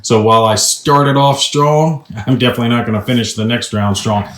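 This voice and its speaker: A man's voice: medium pitch, steady tone, brisk, fairly bright tone. A man with a mid-range voice walks through a board game turn by turn, chatty and upbeat as he explains the rules. His voice carries a noticeable room echo, as if recorded in an open, roomy space. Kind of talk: casual tabletop gameplay walkthrough.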